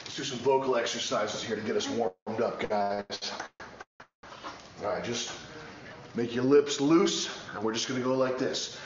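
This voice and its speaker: A man acting as a coach who leads vocal warm-ups in a soothing voice, then announces in a hyped-up way. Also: lowish voice, fairly even intonation, moderate pace. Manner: soft and soothing when guiding, loud and hyped when announcing. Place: room in a shared house. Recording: echoey, dull, noisy room mic.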